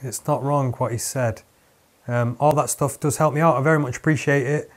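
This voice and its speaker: Rambling podcast host, jokey. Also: male voice, medium pitch, steady tone, normal speed. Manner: rambling and jokey, many fillers and restarts. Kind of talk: casual podcast chat.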